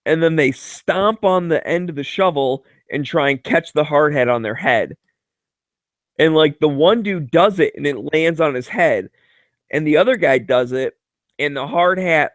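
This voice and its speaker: A man's voice: fairly high pitch, a little slow, fairly bright tone, no room sound, clean studio sound. A man in casual chat, telling joking, profane stories full of filler words and frequent laughter. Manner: loose filler-heavy delivery with many "like"s. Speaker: chat regular.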